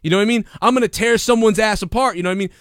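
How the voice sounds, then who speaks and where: A man reviewing a wrestling show on a livestream, rambling and swearing in casual, excitable talk. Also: high voice, very fast, no room sound, clean studio sound. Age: adult parent. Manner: profane, rambling, excitable, acts out bits in quotes.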